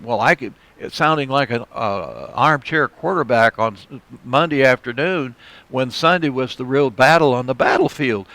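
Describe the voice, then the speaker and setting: A man's voice: mid-range voice, fairly bright tone, no echo. Male Bible teacher explaining verses. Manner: explanatory, conversational, restates verses in plain words.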